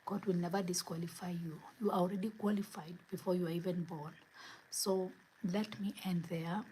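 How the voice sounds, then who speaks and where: A woman giving an earnest spiritual motivational talk as host, asking repeated rhetorical questions, her words often trailing into soft breathy whispers. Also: fairly low pitch, fairly even intonation, normal speed, slight background noise, poor audio.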